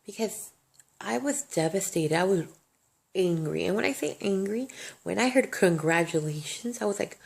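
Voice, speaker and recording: A woman's voice: mid-range voice, animated, moderate pace, creaky. A young woman vlogging a personal story, emotional and rambling, swearing freely. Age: young adult. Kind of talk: casual storytime monologue.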